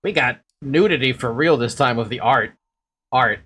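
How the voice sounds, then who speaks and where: Sarcastic, low-voiced young woman streamer. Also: moderate pace, a little hiss or hum. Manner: sarcastic, swears freely. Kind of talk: casual game commentary.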